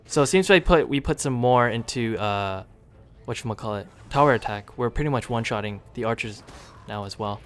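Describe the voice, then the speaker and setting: A man's voice: medium pitch, brisk. A man giving casual commentary over his own gameplay, chatting to the screen and coaxing the units along. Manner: chatty, talks to the game units, sudden excited outbursts. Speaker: gaming video creator.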